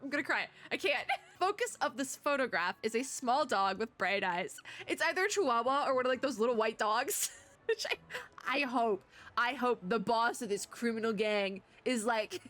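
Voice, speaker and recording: A young woman plays through a game and reacts out loud, excitable and giggly, her bright voice leaping all over. She gushes freely between reading lines. The sound is close and clean, from a desk microphone at a home setup. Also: on the high side, normal speed. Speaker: VTuber gamer. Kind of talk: let's play commentary.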